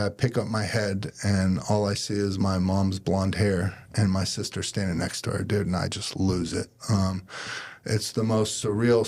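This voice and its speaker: A man's voice: fairly low pitch, darkish tone. A man, a podcast guest, telling a personal story in casual conversation and acting out his own thoughts.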